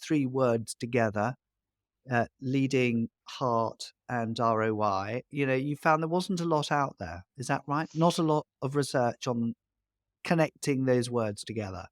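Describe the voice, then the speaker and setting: A man hosting an interview podcast, asking questions in a relaxed, hesitant way with fillers. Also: mid-range voice, a little slow, dry recording, studio quality. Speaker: podcast host. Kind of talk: conversational interview.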